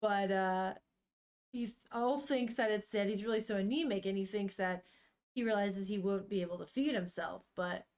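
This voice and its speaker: A woman's voice: mid-range voice, moderate pace, a little mellow. A woman streamer reading a manga aloud and chatting casually with her viewers, laughing often and swearing now and then.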